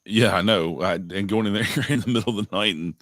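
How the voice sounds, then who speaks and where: A man's voice: lowish voice, brisk, a bit bright, no echo. A man co-hosting a podcast in casual chat, swearing often and laughing as he tells his stories. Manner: profane, laughs often while telling stories. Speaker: podcast co-host.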